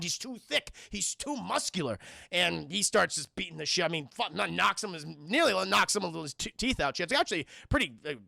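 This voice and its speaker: A man's voice: sits high, gravelly, pushed and bright, no echo, studio quality. A man casually recapping a film scene by scene for a live chat, rambling and swearing, laughing as he goes. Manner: rambling, profane, laughs often, addresses chat. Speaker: film review streamer.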